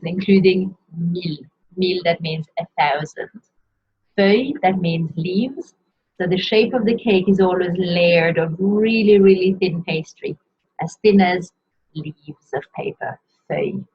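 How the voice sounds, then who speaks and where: A woman teaching how to pronounce pastry names in a slow, careful lesson, saying each word and repeating it. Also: on the low side. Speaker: French teacher. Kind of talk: pronunciation lesson. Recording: dull lo-fi sound.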